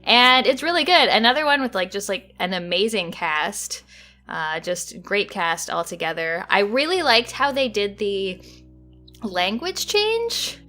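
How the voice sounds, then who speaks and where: A woman's voice: mid-range voice, expressive, a little slow, pushed and bright, faint music behind. A woman co-hosting a casual podcast, chatting loosely about movies with lots of fillers. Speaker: podcast co-host.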